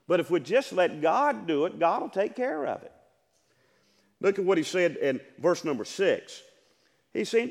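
A man's voice: a little high, long reverb tail. Older male pastor preaching with fervor. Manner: impassioned preaching, repeats phrases, rising to shouted emphasis. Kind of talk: sermon.

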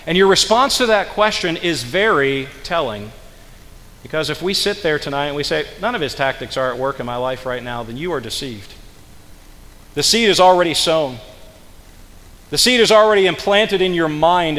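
Male preacher, kinda high voice, big echoey church hall, goes quiet and low then builds up loud, drags out the bible quotes. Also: slight background noise. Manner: dramatic swings between soft low passages and loud emphatic peaks; slow, drawn-out delivery when quoting scripture. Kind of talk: sermon.

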